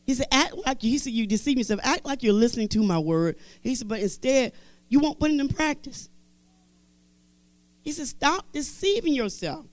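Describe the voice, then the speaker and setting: High, lively woman preaching a sermon. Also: moderate pace, no room sound. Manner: emphatic preaching, repeating scripture phrases; conversational asides in casual speech. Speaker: Bible teacher.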